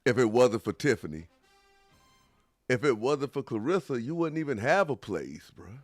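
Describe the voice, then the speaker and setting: A man's voice: medium pitch, big pitch swings, normal speed, no echo, studio quality, soft background music. A man hosting a call-in show, commenting on a clip in a casual, slangy, mocking and scolding way.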